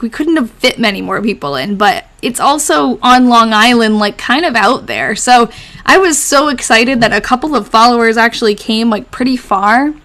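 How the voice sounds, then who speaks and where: Slightly high and fairly bright, the young woman's voice carries through a casual live stream. She reads from old diaries, chats with viewers, answers what they write, and laughs often.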